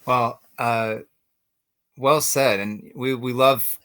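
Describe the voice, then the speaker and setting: Male host, friendly, crisp and tense tone. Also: mid-range voice, fairly even intonation, slow, fairly bright tone. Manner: friendly, relays viewer comments. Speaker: interview host. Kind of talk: hosted interview.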